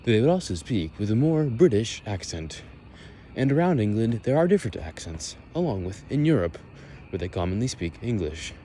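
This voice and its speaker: A young American man with a somewhat low voice rambles through a casual walking vlog, drifting between sarcastic asides and step-by-step explanations. He is outdoors with a phone mic, and faint traffic noise hums behind him. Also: sing-song, normal speed, warm tone. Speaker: vlogger. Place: outdoors walking near a road.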